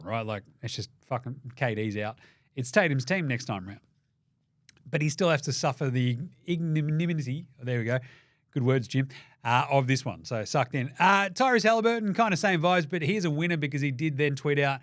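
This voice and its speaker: A young Australian man hosting a basketball show, with profane, energetic, jokey banter. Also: medium pitch, no room sound, studio quality. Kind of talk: casual sports commentary.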